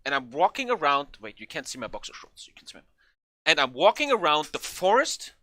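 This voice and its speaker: A young man telling a funny story in a casual, animated way, swearing often and acting out what people said. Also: a little high, brisk, dry recording. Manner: animated, swearing, acts out quotes in a raised voice. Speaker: vlogger.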